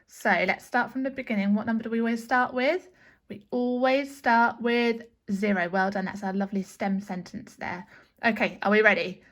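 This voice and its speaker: A woman's voice: fairly high pitch, steady tone, normal speed. A woman teacher talking to young children through a handheld camera, cheerful and encouraging, counting in a sing-song way. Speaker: early years teacher.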